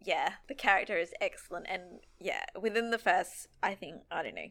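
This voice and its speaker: Female co-host, relaxed casual chat, quick to laugh. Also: fairly low pitch. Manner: relaxed, chatty, laughs a lot. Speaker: podcast co-host.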